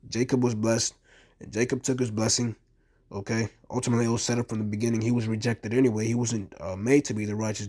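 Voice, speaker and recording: A man reading King James verses aloud and explaining them in loose, everyday talk with many pauses and ums. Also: fairly low pitch, darkish tone, slightly rough. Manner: hesitant, many ums and restarts. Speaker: bible teacher. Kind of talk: scripture reading with casual commentary.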